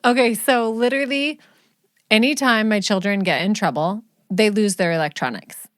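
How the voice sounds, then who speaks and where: A woman's voice: medium pitch, moderate pace, fairly bright tone, no room sound, studio quality. A middle-aged woman and mother, co-hosting a casual podcast chat, blunt and joking as she acts out scenes from her stories.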